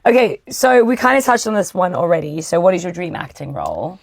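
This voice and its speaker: A chatty woman hosting a podcast, talking loosely and casually. Her voice sits fairly low for a woman. The recording is dry and close, with no room sound. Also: very animated, a little fast, gravelly, no echo. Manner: chatty, swears casually, acts out quoted dialogue. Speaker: podcast host. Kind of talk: casual conversational interview.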